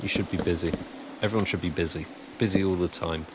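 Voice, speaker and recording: A man's voice: deep voice, steady tone, fast, background noise. A man chatting casually and rambling on a live stream while he builds, answering chat as he goes.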